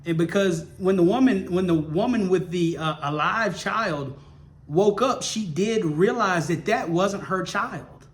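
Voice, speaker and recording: A man retells a Bible story and draws its lesson in an informal teaching. His voice sits somewhat high for a man, and he speaks at an unhurried, drawn-out pace. He repeats himself often and keeps asking "okay?" to check his listeners follow. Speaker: ministry teacher.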